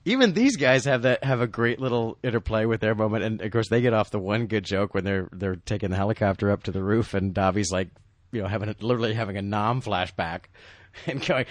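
A man in casual movie commentary chat, animated and laughing, tossing in quick impressions of lines. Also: lowish voice, no room sound.

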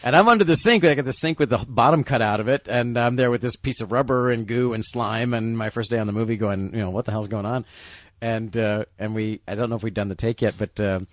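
A man recording a casual film commentary, telling animated behind-the-scenes stories and acting out quotes. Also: medium pitch, fast talker, few pauses, no echo, studio quality. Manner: animated storyteller, acts out quotes. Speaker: special effects artist on a movie commentary.

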